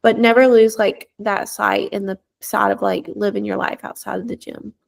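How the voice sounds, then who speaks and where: A woman's voice: medium pitch, flat delivery, normal speed. A young woman coach chatting casually on a podcast, loose and talkative with lots of filler words. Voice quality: gravelly fry. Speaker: fitness coach.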